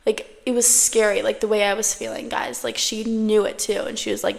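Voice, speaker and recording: A woman's voice: mid-range voice, little pitch movement, fairly quick, creaky, hardly any pauses. A woman in her twenties hosting her own podcast, talking casually to camera from home, full of "like" and the odd swear. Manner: chatty, peppered with "like" and swearing. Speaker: podcast host. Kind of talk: casual solo chat to camera. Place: at home, indoors. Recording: long room reverb.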